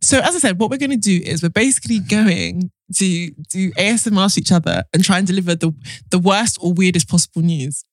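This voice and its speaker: A woman co-hosting a casual podcast, teasing and giggly, often dropping to a quiet voice. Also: fairly low pitch, brisk, no room sound, clean studio sound. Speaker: podcast co-host. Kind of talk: casual chat.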